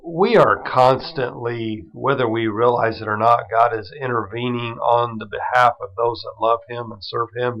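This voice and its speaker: A man hosting a devotional Bible study, retelling the passage in casual everyday terms. He speaks at a middle pitch in an easygoing, encouraging manner, as if praying for the listener. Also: fairly bright tone, poor audio. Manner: conversational, retells scripture in everyday words; encouraging, prays over listeners. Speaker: Bible teacher.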